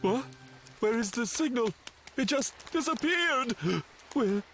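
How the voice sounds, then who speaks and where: A high, pompous cartoon inventor. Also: male voice, animated, takes it slowly, full character voice. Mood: panicked. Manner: theatrical, swinging between pompous and desperate. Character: moody misunderstood cartoon inventor creature. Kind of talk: animated cartoon dub. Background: background music.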